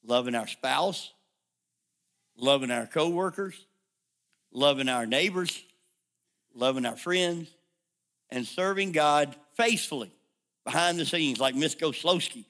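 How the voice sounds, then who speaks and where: A middle-aged male pastor delivers his sermon in a bright, ringing voice pitched a little high. He tells stories with animated humor and quick asides.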